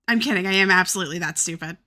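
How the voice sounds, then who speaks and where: A woman streamer chatting casually with her viewers while she draws, crude, self-mocking and quick to giggle. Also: on the low side, sharp tone. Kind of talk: casual livestream chat while drawing.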